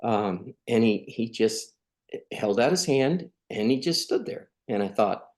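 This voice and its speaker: Telling a personal story on a podcast, a middle-aged Californian man speaks at a measured pace in an expressive, darkish voice on the low side. He's casual and earnest, and he acts out quoted dialogue.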